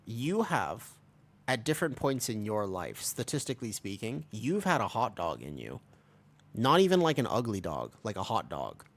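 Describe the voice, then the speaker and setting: A man's voice: on the low side, very animated, normal speed. A young man from America, streaming a game and chatting casually with viewers, rambling and joking as he answers chat. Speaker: livestreamer. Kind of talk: casual livestream chat while gaming.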